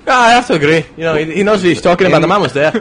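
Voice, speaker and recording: A man voicing an excitable colonial-era man with a put-on Scottish accent, talking over the others in an improvised comedy sketch. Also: on the high side, racing. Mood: excited. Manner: boisterous, talks over others. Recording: loud music underneath.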